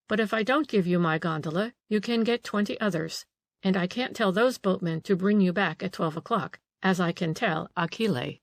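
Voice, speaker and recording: A woman reading the part of a proud, sharp, motherly Italian marchesa who scolds a young man. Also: medium pitch, gravelly, dry recording.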